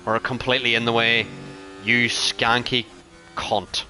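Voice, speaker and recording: A man live-streaming a racing game, talking to his chat, excitable and foul-mouthed, swinging from yelling to muttering. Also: medium pitch, unhurried, faint music behind. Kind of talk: live gaming commentary to chat.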